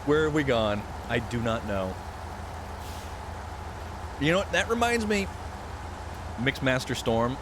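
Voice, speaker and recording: A man's voice: medium pitch, lively intonation, very slow, long pauses, background noise. A man live-streaming a game, chatting loosely with viewers, joking and reading out the chat. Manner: rambling, jokey, reads chat aloud.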